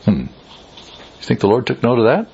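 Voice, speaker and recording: A man preaching an expository sermon, reading scripture aloud and commenting bluntly with animated delivery. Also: mid-range voice, measured pace, creaky, slightly rough, lo-fi sound.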